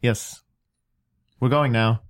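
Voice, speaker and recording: A man's voice: mid-range voice, fairly even intonation, slow, pitched below the performer's own voice, lightly acted. A man doing a polite British wizard. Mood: courteous.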